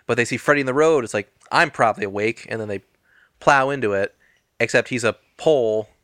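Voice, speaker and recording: A man's voice: medium pitch, a little fast, clear, resonant tone, no room sound. Dry-voiced man recapping a movie. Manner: wry, deadpan plot recapping with jokey voices. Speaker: podcast co-host. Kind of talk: casual movie recap chat.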